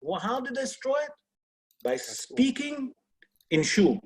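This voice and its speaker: Husky, high-voiced rabbi teaching. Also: male voice, big pitch swings, measured pace, a little mellow. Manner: earnest, asks rhetorical questions, non-native English grammar. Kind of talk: teaching an online class.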